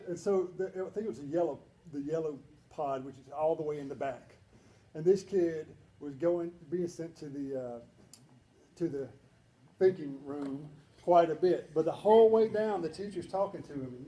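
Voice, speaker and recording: A high-voiced man tells funny stories at a moderate pace in a conversational banquet presentation, giving animated voices to those he quotes. The banquet hall is echoey, with faint ambience.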